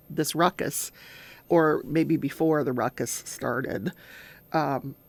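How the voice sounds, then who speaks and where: The speaker is an older woman with a low, creaky voice who hosts a relaxed crafting talk show. She recaps a trial like a chatty storyteller, dramatizing each quote.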